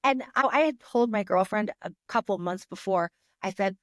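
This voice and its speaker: A woman's voice: mid-range voice, moderate pace, dry recording, clean studio sound. A woman hosting a podcast, speaking casually and emotionally as she tells a personal story, with frequent "like" fillers. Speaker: podcast host. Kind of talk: casual conversation.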